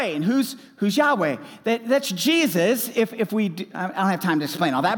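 A man delivers a sermon from the pulpit. His voice sits high and moves through a wide, lively range. He sinks into quiet, low stretches and then bursts into loud, emphatic exclamations. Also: moderate pace, few pauses, long reverb tail. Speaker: pastor.

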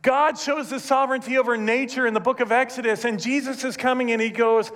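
A man preaching a sermon, retelling scripture with animated storytelling and rhetorical questions to his congregation. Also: very high voice, a little fast. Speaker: pastor.

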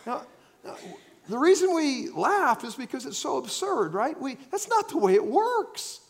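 Animated high-voiced male preacher. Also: unhurried. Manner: animated, swings between loud acted outbursts and quiet earnest asides. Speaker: pastor. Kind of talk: sermon.

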